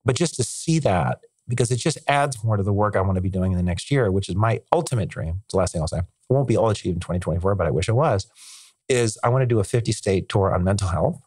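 A man talks quickly on a podcast, tumbling from one eager thought to the next. His voice sits a little low and sounds dry and close to the mic, with no room behind it. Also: animated, a little mellow, dry recording. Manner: rambling, enthusiastic, piles up filler words and restarts. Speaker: podcast guest. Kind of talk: casual conversational interview.

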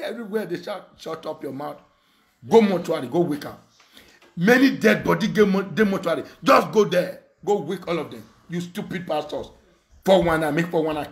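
A young Nigerian man speaking Nigerian Pidgin English, ranting angrily with insults, mocking laughter and repeated phrases. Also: sits high. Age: young adult. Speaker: online commentator. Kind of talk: angry rant.

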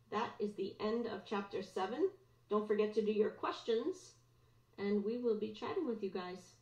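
Woman teacher, storybook read-aloud, mid-pitched, echoey and muffled room sound. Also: normal speed, a little mellow. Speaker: teacher reading aloud to students. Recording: roomy, dull lo-fi recording.

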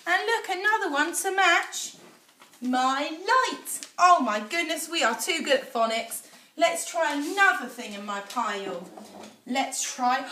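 A woman with an English accent teaching a phonics lesson to young children, sounding out letters in a sing-song, drawn-out way. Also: high-pitched, animated, bright, forceful tone. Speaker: infant school teacher. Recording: echoey room, voice a little far from the mic.

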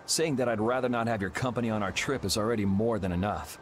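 A man's voice: lowish voice, fast, a little hiss or hum, lightly acted. An actor playing a sardonic young swordsman in a video game, dry and blunt.

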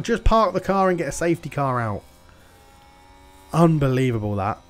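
Male gaming host, excitable play-by-play, swears and shouts at the screen. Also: mid-range voice. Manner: excitable, swears and yells at the game. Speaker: gaming YouTuber. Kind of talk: game commentary.

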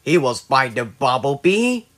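A man voicing an excitable cartoon character who bickers with a witch in an animated, squabbling way. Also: medium pitch, a little slow. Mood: bickering. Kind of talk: cartoon voice acting.

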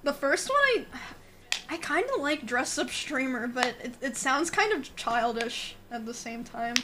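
A young woman with a high voice talks slowly as she streams, thinking aloud and laughing at her own ideas. Faint music plays behind her. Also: expressive. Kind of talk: casual chat, thinking aloud.

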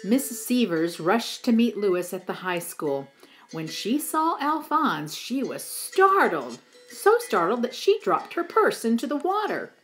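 A woman reading a children's storybook aloud in an expressive, unhurried way. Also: on the high side, faint music behind, poor audio. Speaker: storybook reader.

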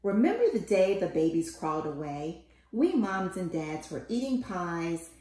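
A woman reading a children's picture book aloud in an expressive, sing-song way, calling out the quoted lines. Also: on the low side, a little slow. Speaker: storybook reader. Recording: roomy, echoey room.

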